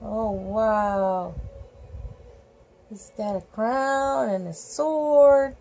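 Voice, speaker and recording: A woman's voice: on the high side, very slow, gravelly, long pauses, dark tone, slight background noise, low-quality recording. A woman reading a picture book aloud, gasping and exclaiming over the pictures with chatty asides. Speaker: storybook reader.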